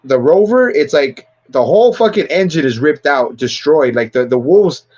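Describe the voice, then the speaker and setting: A man's voice: on the high side, expressive, moderate pace, darkish tone, lo-fi sound. A man hosting a livestream, casually retelling a film in a rambling, profane way and laughing often. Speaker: livestream host. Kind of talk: casual movie discussion.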